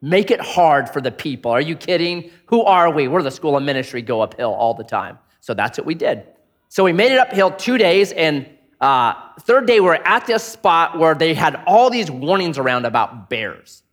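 A middle-aged man preaches with a high-pitched voice that rises and falls in animated swings. He tells stories and acts out the people in them. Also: normal speed. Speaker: pastor. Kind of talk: sermon with storytelling.

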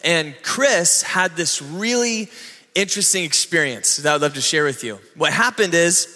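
High, bright-voiced male pastor preaching. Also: in a large hall. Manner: storytelling, acting out quoted dialogue. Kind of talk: sermon.

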